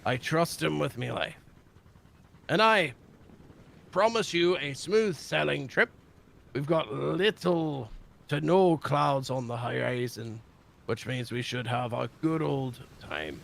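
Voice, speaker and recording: A man's voice: medium pitch, slow pace, creaky, fairly bright tone. A man voicing a boastful, jovial male ship captain who talks in a folksy sailor way and calls people mate.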